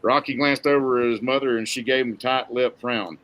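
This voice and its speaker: A man reading a novel aloud in a steady, plain storytelling manner. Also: medium pitch, fairly quick, low-quality recording. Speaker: narrator.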